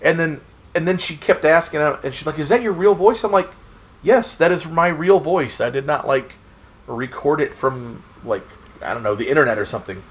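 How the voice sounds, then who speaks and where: A man's voice: fairly high pitch, normal speed. A man from Oklahoma chatting casually and rambling in a goofy way while he plays a game on stream. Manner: rambling, goofy, self-talk while playing. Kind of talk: casual gameplay chat.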